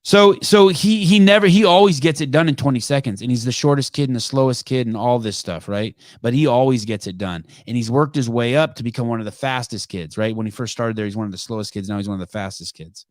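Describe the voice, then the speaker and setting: A man's voice: medium pitch, fast, hardly any pauses, no echo, clean studio sound. A middle-aged man hosting a podcast, telling a rambling family story with asides and self-corrections. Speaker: podcast host. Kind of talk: casual live call-in chat.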